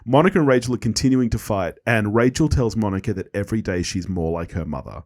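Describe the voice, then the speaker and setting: A man's voice: on the low side, fast, darkish tone, no echo. A man co-hosting a podcast, casually retelling sitcom scenes and laughing along. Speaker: podcast co-host. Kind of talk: casual chat recapping a sitcom.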